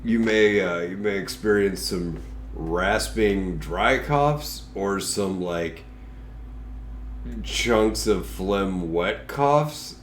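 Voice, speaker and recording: Congested man with a very low voice. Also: extremely slow, slight background noise. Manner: crude, joking, rambling. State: congested from a cold. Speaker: podcast host. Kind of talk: casual podcast chat.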